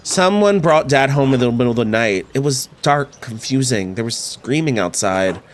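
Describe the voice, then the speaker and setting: A man reading the lines of a caring adult daughter, gentle and lightly chiding. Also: medium pitch, lively intonation, normal speed, a little hiss or hum, lightly acted. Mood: sad.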